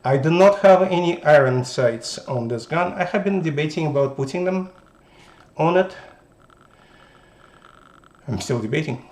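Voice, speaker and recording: A man with a Russian accent talks through a gun in a casual, halting way, often restarting his phrases. His voice sits a little higher than most men's. The recording carries a noticeable roomy echo. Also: animated, a little mellow. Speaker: firearms channel host. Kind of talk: casual gun show-and-tell.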